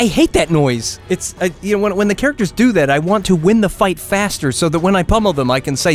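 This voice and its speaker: This gamer talks fast with hardly any pauses, his high voice full of lively intonation over soft background music. Streaming live gameplay, he rants and rambles, restarts sentences, laughs a lot, and blows his complaints out of proportion.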